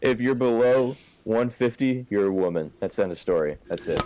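Very deep-voiced young man bantering. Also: expressive, a little fast, warm tone, rough recording. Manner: profane, offhand banter. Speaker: guest. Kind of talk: casual podcast chat.

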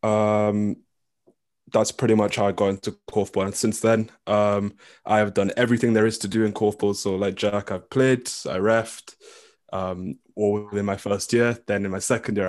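A young man with an English accent, chatting casually as a guest coach in an interview, full of ums and quick laughs. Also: on the low side. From England. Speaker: coach and committee member.

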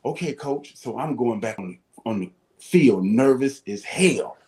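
Man, 50s, mid-pitched, guest storyteller, animated, swears easily. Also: measured pace. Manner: animated, swears casually, acts out voices. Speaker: guest, former football player. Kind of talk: casual storytelling.

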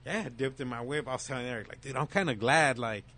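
A man's voice: medium pitch, fast talker. Man, casual slangy storyteller, swears a lot, acts out both sides. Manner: profane, animated storytelling, acts out dialogue. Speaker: storyteller in a casual group chat. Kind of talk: casual chat.

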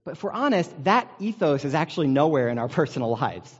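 An American pastor gives a loose, conversational sermon, telling stories and poking fun at himself. His voice is a little high for a man, sing-song and slightly rough, and he speaks quickly. The audio is dull and muffled, with long reverb trailing through a large hall.

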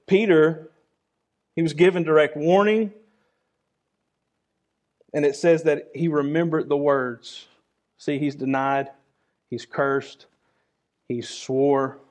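Earnest preacher, fairly high voice. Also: male voice, a little mellow. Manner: earnest, conversational preaching with repeated phrases. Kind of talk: sermon.

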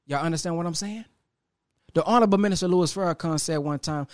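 Male motivational speaker, high voice, dry close mic, preacherly with dramatic pauses. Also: dry recording. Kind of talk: motivational talk to a live audience.

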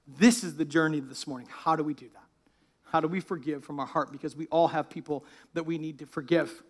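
Pastor, male, high-pitched, lively sermon delivery that laughs at its own asides. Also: fast. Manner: animated preaching, drops to a hushed tone when reading scripture.

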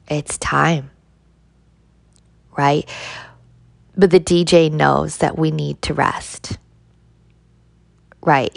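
A woman's voice: sits low, vocal fry, dry recording. A woman giving an intense, heavily profane motivational monologue, often adding a rhetorical "right?" for her audience. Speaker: vlogger.

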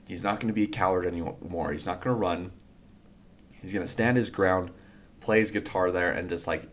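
Low-voiced man hosting a casual podcast. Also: slight background noise. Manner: casual, rambling, many fillers. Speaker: podcast host.

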